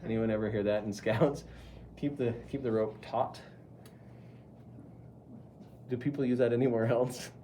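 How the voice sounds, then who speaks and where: A man's voice: mid-range voice, fairly even intonation, fairly quick, dark tone, slight background noise. A middle-aged man teaching pottery at the wheel, chatty and talking students through each step. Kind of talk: live wheel-throwing demonstration.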